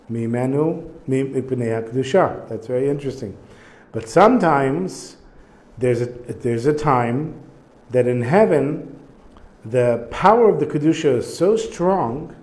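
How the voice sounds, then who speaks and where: A man leads a casual study lesson, reading lines of Hebrew and then unpacking them in easygoing English. He pauses to search for examples and talks as if thinking out loud, at a medium pitch. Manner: reads Hebrew text then explains it in plain English, thinking aloud. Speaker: Torah teacher.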